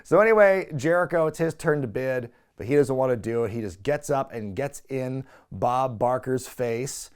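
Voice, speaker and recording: Animated man laughing through a casual recap. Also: medium pitch, normal speed, few pauses, smooth. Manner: animated, laughs often, slips into quoted voices. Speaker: wrestling recap podcast host.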